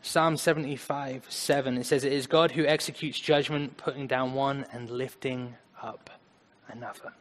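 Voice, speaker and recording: A man preaching a conversational sermon, earnest, swinging between loud emphasis and quiet asides. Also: medium pitch, fairly even intonation, normal speed, few pauses. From United States. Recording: long hall reverb.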